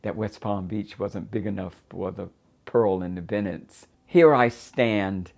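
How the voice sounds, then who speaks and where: Brief: older woman from Florida, deep low voice, slow and reflective, halting documentary storytelling. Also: gravelly, darkish tone. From United States (Florida). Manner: reflective, halting, with frequent pauses and fillers. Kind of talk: first-person documentary storytelling.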